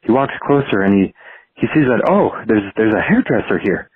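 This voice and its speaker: A man leaving a voicemail, telling an improvised story in a halting, stumbling way. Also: on the low side, sing-song, husky, no echo. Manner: halting, many restarts. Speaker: caller. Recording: tinny dry phone voicemail.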